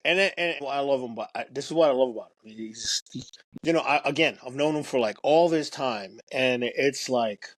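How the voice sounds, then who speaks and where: Halting male documentary director. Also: medium pitch, fairly bright tone, no echo. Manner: halting, many restarts and fillers. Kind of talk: casual podcast conversation.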